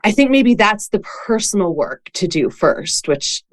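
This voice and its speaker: A woman's voice: mid-range voice, sing-song, a little slow. Laughing woman podcast host. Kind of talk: casual podcast conversation.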